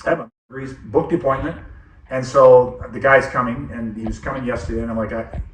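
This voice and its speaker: A man's voice: medium pitch, steady tone, a little fast. A man telling a rambling, unplanned story to friends, quoting people with lots of fillers. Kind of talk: casual storytelling. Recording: roomy, distant mic, faint noise.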